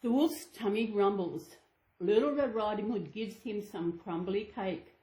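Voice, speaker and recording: A woman's voice: medium pitch, a little slow, mellow. A woman channel host reading a children's storybook aloud to her dolls, sing-song with chatty asides. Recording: echoey room.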